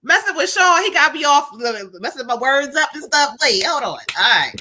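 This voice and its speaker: A lively woman with a bright, slightly high voice that swings up and down as she chats on a home livestream. She laughs a lot and keeps things slangy and loose while reading comments out. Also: moderate pace. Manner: laughing, slangy, reads viewer comments aloud. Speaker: tarot reader and co-host. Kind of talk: casual live-stream chat.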